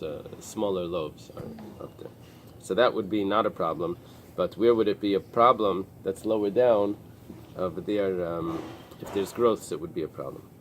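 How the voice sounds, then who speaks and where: A rabbi with a low male voice teaches an early-morning Talmud class to a small group in a synagogue study room. He explains haltingly, restarting often and using many fillers. There's a little hiss or hum in the recording.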